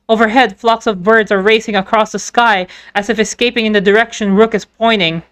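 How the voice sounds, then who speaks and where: A woman narrating a game story in a voiced playthrough, telling it in a lively storyteller manner. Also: medium pitch, brisk, hardly any pauses. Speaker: fan dubber narrating a game.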